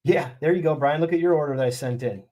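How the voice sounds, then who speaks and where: A man's voice: fairly high pitch, fast, dark tone. A fired-up man hosting a casual live stream, ranting bluntly and talking to his chat.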